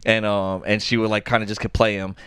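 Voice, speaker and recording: A young man co-hosting a podcast, telling stories in a rambling, animated way full of filler words. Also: on the low side, quick pace, smooth, dry recording. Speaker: podcast co-host. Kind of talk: casual chat.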